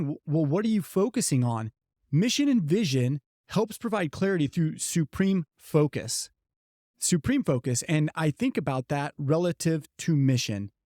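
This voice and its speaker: A middle-aged man co-hosting a business podcast, telling a story earnestly and slowing down to stress key points. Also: fairly high pitch, warm tone, no room sound, clean studio sound. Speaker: podcast co-host. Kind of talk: motivational podcast talk.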